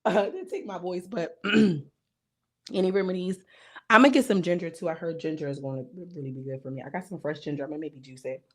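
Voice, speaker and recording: A young woman recapping a reality show in casual, slangy chat, her voice a little hoarse. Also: fairly low pitch, fairly quick. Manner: chatty, slangy, animated retelling. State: slightly hoarse voice.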